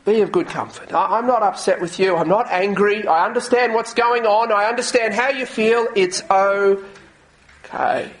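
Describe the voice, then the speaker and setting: Man doing a gentle kind guy, real slow and soft, kinda high voice. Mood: tender. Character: gentle, kind grown man reassuring a woman.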